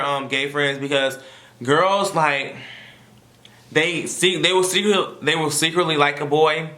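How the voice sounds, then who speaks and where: A man's voice: fairly high pitch, pushed and bright, echoey room. A young man, a college freshman, giving sassy, slangy advice in a casual vlog. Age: young adult. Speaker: vlogger.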